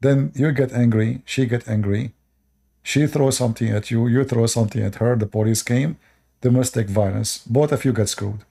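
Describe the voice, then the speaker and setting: Speaking with an Arabic accent, this native Arabic-speaking Middle Eastern man gives a casual live stream monologue, scolding his audience in short, repeated commands and broken grammar. He has a medium-pitched, creaky, husky voice with a dark tone and a moderate pace.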